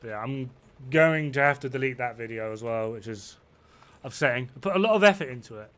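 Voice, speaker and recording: A man's voice: mid-range voice, lively intonation, brisk, a bit bright. A man in his thirties in casual gaming chat, blunt, sweary and rambling. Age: 30s. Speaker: player.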